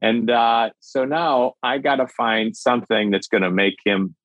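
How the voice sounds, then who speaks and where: A man in his fifties from Minnesota, a filmmaker and actor telling a story in a lively, animated way over a video call. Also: medium pitch, measured pace, no echo, dull audio. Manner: lively, acts out voices, stammers on restarts.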